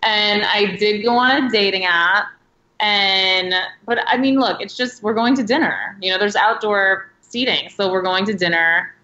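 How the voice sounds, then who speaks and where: A woman's voice: mid-range voice, measured pace, pushed and bright, reverberant, lo-fi sound. A woman in her thirties, talking as a guest in a casual interview, chatty and rambling with many filler words. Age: 30s.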